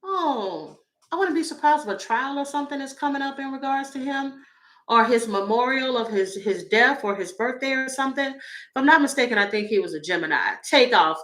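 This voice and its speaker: A woman's voice: on the high side, bright, forceful tone, rough recording. A woman reading tarot on a casual livestream, blunt and profane, laughing often as she talks to her viewers. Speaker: tarot reader.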